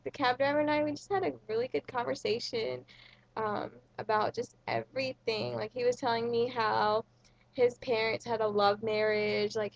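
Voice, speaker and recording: A woman's voice: on the high side, gravelly, no echo. Chatty young woman on a lo-fi webcam. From India. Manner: chatty, lots of fillers, bursts of excitement. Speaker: vlogger. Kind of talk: casual storytelling vlog.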